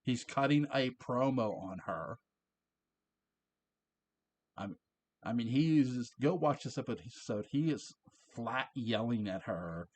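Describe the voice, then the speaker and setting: A man's voice: mid-range voice, lively intonation, slow, pauses often, a little mellow. A man casually recapping a TV episode, chatty and laughing often, quoting lines in passing. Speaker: show reviewer.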